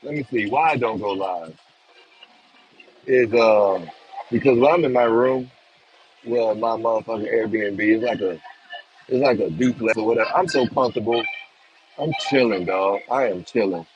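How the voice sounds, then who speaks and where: A man's voice: fairly low pitch, normal speed, long pauses. Man streaming live outdoors, loose profane rambling to viewers; slightly dull phone audio with faint street noise. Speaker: livestream vlogger. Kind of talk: casual live stream chat.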